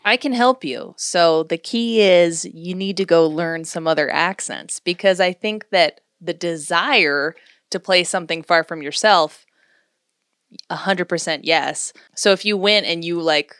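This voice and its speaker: A woman's voice: on the low side, a little slow, a bit bright, clear, resonant tone, dry recording, clean studio sound. A woman co-hosting an improv podcast in casual chat, teasing and then giving encouraging advice.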